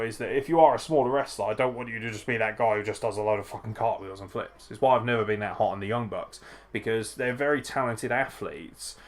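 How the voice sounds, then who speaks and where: A man hosting a live wrestling watchalong, chatting casually, swearing and reacting excitedly to the action. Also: mid-range voice.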